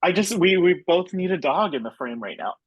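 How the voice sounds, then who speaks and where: A man's voice: high voice, animated, fairly quick, slightly rough, dry recording, muffled recording. A young man, a podcast guest, chatting casually in a friendly, giggly and hesitant way over a video call. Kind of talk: casual chat.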